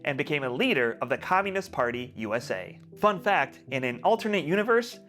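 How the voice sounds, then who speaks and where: A man's voice: on the high side, sing-song, brisk, fairly bright tone, faint music behind. An American man giving scripted video commentary, full of wry, sarcastic asides. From United States. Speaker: video essayist.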